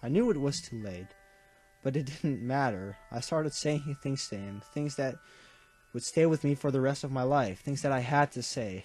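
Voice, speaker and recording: A man's voice: medium pitch, normal speed, darkish tone, faint music behind. A young man reading a visual novel aloud, tearful, his voice breaking as he narrates earnestly. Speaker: gaming YouTuber.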